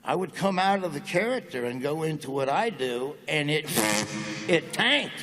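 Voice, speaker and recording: A middle-aged man with a Southern drawl, telling jokes and anecdotes as a stage interview guest. His voice sits a bit high for a man, and the hall adds a long echo. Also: lively intonation, normal speed, a bit bright. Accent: Southern American. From Nebraska, United States. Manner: joking, drawling storyteller. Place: large hall before a live audience.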